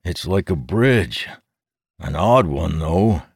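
A man voicing a calm, measured mage. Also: low voice, slightly rough, dry recording, studio quality, full character voice. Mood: thoughtful.

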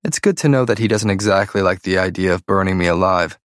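A male narrator reads a first-person story with tense, dramatic storytelling. His voice sits on the low side, recorded dry and close with no room sound. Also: a little fast, no echo. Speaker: audiobook narrator.

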